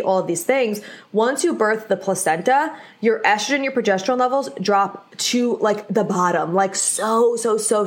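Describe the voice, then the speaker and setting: A young woman talks through her solo podcast in a loose, candid way. She fills her sentences with "like" and restarts, and she turns to her listeners to reassure them. Her pitch sits in an ordinary middle range. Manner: chatty, candid, many "like" fillers; addresses listeners directly, reassuring. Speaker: podcast host. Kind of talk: casual solo podcast talk.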